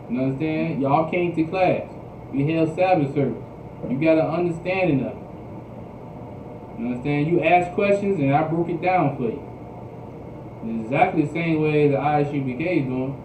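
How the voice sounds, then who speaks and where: Pausing often at a moderate pace, a man with a slightly high voice leads a scripture class as a preacher, repeating points and drawing call-and-response replies with frequent "you understand?" He's recorded from a distance on noisy, echoey, phone-like livestream audio.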